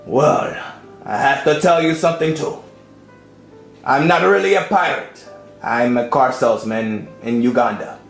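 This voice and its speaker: A man's voice: medium pitch, a little slow, gravelly, faint music behind, voice pushed down. A man voicing an older pirate-talking dad with a growly, hearty manner. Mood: sheepish. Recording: roomy echo.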